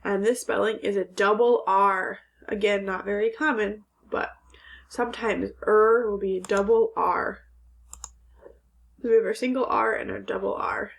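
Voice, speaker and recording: Slow-spoken woman teaching children. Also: mid-range voice, fairly even intonation. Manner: slow, clear teacher voice, praising and asking questions. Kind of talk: phonics and grammar lesson for young children.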